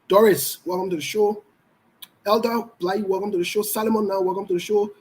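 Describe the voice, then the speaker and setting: High-voiced Liberian man hosting a live show. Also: steady tone, brisk, a little mellow, rough recording. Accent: Liberian English. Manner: greets viewers by name, loose and joking. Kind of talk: casual livestream chat.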